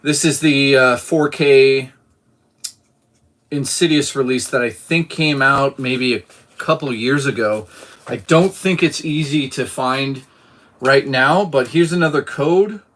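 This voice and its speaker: A man's voice: mid-range voice, slow, a bit bright. A man from Boston streaming live, chatting casually about his movie collection and reading out chat messages, swearing now and then.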